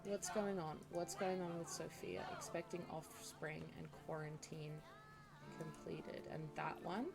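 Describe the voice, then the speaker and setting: A woman talks through a game on a live stream in a relaxed, chatty way and answers her viewers as she plays. Her voice sits a little low and has a gravelly edge. Music plays clearly underneath. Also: measured pace. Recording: music playing behind the voice.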